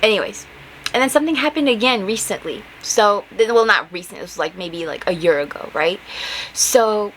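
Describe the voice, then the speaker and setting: A young woman hosts her own show and tells a story in a loose, rambling way. She sounds exasperated and heated, fires off rhetorical questions and fills her speech with "like" and "okay". Her voice sits at a middle pitch, with faint noise behind it. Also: moderate pace, a bit bright, rough recording. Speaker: podcast host. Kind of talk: casual storytelling monologue.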